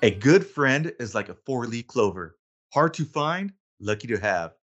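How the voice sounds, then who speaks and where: A man's voice: medium pitch, very animated, moderate pace, lo-fi sound, faint music behind. Chill guy hosting a podcast, laughs a lot, casual whiskey chat. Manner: laid-back, laughs easily. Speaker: podcast host.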